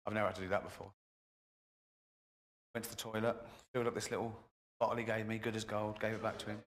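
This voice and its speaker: A man doing a stand-up comedy routine on stage, telling stories in an animated, chuckling way. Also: fairly low pitch, quick pace. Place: stage, heard through an in-game radio.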